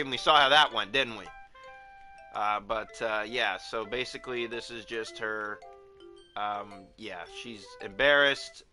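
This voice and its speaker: A man's voice: mid-range voice, sharp tone. A man doing casual game commentary at home, swearing, laughing and chatting to his cat. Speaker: let's play gamer.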